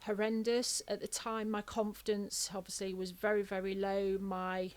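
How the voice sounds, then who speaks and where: A woman's voice: mid-range voice, level tone, moderate pace, darkish tone. Earnest woman guest. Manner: earnest, open, speaks of hard times in plain words. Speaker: podcast guest, charity founder. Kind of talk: casual conversation.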